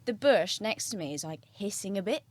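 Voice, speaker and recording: A woman guest on a podcast who tells stories in a casual, animated way, swearing freely and trailing off mid-sentence. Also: mid-range voice, a little fast. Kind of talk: casual storytelling.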